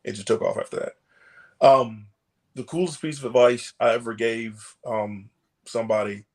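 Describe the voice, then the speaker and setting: A man's voice: medium pitch, normal speed. A man, a professional wrestler, telling stories in a casual podcast interview, laughing often and acting out quotes with casual swearing. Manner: animated storyteller, laughs often, acts out quotes.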